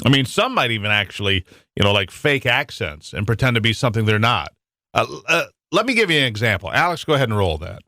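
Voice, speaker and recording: A man's voice: mid-range voice, big pitch swings, fast talker, bright, forceful tone, dry recording, clean studio sound. An American man hosting a talk radio show in a rambling monologue with frequent restarts. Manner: rambling, with many restarts and fillers.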